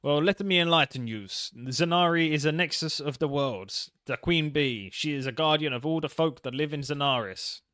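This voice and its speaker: A man voicing a theatrical fairy godfather who is also a mafia boss, with a put-on Italian accent and a drawn-out drawl. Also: a little high, a bit bright, clear, resonant tone, dry recording, clean studio sound, lightly acted.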